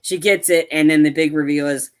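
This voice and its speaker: A man co-hosting a podcast, excitedly recapping film scenes with lots of fillers and acted-out quotes. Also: a little high, brisk, smooth. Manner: animated retelling, acts out quotes, lots of fillers. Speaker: podcast co-host. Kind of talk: casual movie review chat.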